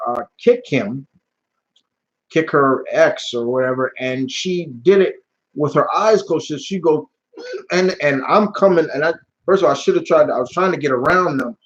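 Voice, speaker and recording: A man in an easygoing live stream chat answers questions from his viewers and drifts into animated, rambling stories full of slang and restarts. His voice sits at an ordinary middle pitch, and the recording sounds a little dull and lo-fi.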